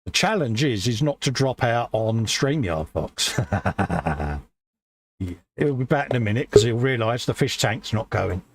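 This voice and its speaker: A man's voice: medium pitch, very animated, a little slow. A British man co-hosting a casual live stream, chatting and joking while assembling a model kit. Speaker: co-host.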